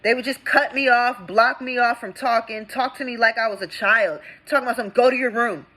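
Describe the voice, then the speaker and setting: A young woman and veteran, ranting with indignation in a vlog, swinging between loud outbursts and low mutters. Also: brisk, low-quality recording. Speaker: veteran vlogger. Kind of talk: impassioned vlog rant.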